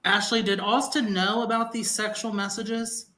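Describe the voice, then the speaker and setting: A man on a livestream discussion, speaking in a measured, questioning way. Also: high-pitched, level tone, pushed and bright.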